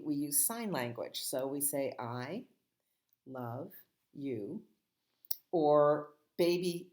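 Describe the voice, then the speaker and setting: A middle-aged woman, a children's librarian, reading picture books aloud and chatting gently and playfully with small children. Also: low voice.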